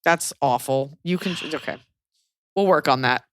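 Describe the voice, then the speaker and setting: A woman's voice: low-pitched, moderate pace, smooth, dry recording. A woman hosting a podcast, chatting casually with wry, teasing asides. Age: adult. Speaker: podcast host. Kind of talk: casual chat.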